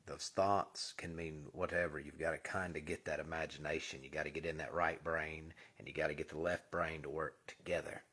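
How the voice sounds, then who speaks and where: Deep husky man giving a spiritual talk. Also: flat delivery, fairly quick, hardly any pauses, fairly bright tone. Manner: earnest, drops to a whisper for emphasis. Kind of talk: casual spiritual monologue.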